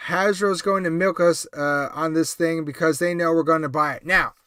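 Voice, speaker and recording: Male stream host, casual and rambling, high voice, smooth and clear, dry sound. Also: fairly even intonation, moderate pace, a bit bright, dry recording. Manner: thinks aloud, reads chat comments, many fillers. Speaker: livestream host. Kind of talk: casual live-stream chat.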